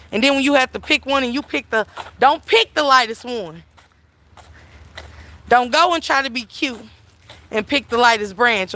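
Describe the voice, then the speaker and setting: A middle-aged woman hosting a livestream, telling stories in an animated, emphatic way, with plenty of swearing, while she walks outdoors and talks into her phone. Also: medium pitch. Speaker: livestream host. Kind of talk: casual storytelling chat. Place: outdoors, walking through town.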